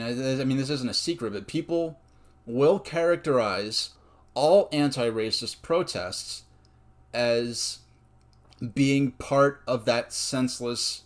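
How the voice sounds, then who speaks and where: A man giving a personal commentary monologue in a deliberate, earnest way, with many pauses. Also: medium pitch. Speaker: video essayist.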